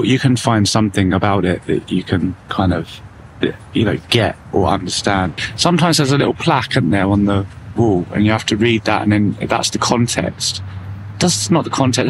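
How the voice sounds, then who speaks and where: A man's voice: on the low side, moderate pace. A man talking as a vlogger outdoors on a town street, musing in a loose, reflective way. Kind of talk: casual walking vlog. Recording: street traffic noise behind.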